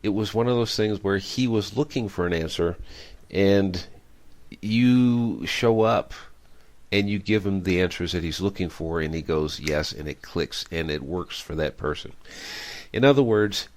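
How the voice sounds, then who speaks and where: A man's voice: sits low, a little slow. A middle-aged man hosting a radio interview, rambling and reflective, telling stories with many fillers. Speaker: radio show host.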